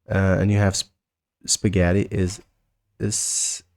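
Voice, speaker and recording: A man with a Mauritanian accent gives a relaxed language lesson, saying each word over and over at an easy pace. His voice sits very low with a gravelly edge. The recording is close and dry. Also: no echo. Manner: repeats words slowly, loose and chatty. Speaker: language teacher.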